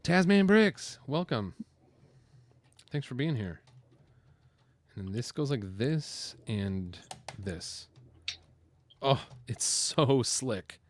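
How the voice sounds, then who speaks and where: A man chatting while he builds on camera, rambling loosely and filling gaps with fillers. His voice sits in an ordinary middle pitch. He talks in an easygoing, unhurried way. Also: lively intonation. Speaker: host building LEGO on camera. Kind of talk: casual building chat.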